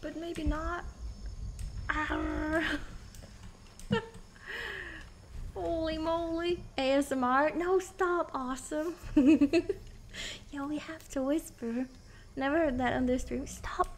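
A woman's voice: high voice, steady tone, takes it slowly, pauses often, slight background noise. A woman streaming a video game live, commenting jokily and slipping into nervous whispers. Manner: jittery, joking, drops into fake-scared whispers.

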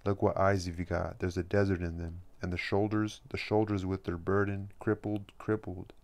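A tender, pleading young woman in love , read by a man in his low, even voice. Her words come with feeling in a storybook reading. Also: normal speed. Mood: tearful tender.

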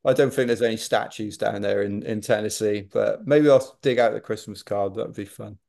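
Low-voiced Welsh man telling a story. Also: normal speed, vocal fry. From Wales. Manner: animated, chatty storyteller. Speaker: podcast guest, ultrarunner. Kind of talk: casual interview storytelling.

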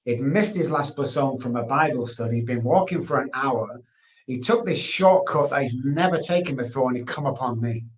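A man's voice: mid-range voice, moderate pace. A man from England, a guest giving a candid personal testimony in an earnest, repetitive storytelling manner. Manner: earnest storyteller, repeats himself for emphasis. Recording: roomy, echoey sound.

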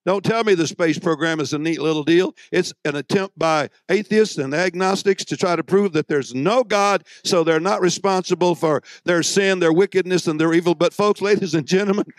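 A man preaching a fiery sermon, emphatic and folksy, with drawn-out phrases that swing between loud and hushed, plus joking asides to the congregation. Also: a little high, dry recording. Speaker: visiting preacher.

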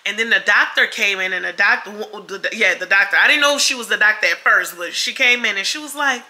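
A woman's voice: medium pitch, fairly quick. A young woman vlogger, casually telling her viewers a story, acting out what others said and calling them y'all. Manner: animated, acts out quoted voices, addresses viewers as y'all.

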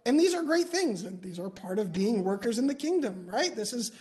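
A man's voice: sits high, very animated, fairly quick, darkish tone. A man preaching a sermon in a church, telling stories earnestly with frequent fillers and restarts.

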